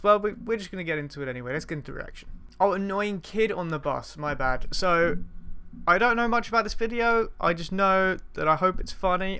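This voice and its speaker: A man's voice: high-pitched, bright, forceful tone, smooth. A man hosting a casual reaction vlog, chatty and a little hesitant. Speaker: reaction channel host.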